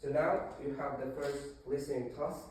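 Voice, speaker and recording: A man's voice: medium pitch, steady tone, moderate pace, a little mellow, a little hiss or hum. A male English teacher leading a classroom lesson, explaining step by step with fillers and restarts. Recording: very echoey room, voice far from mic.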